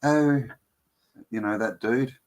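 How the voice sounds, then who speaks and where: A man's voice: medium pitch, slow. Joking man who laughs often. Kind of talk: casual live stream chat.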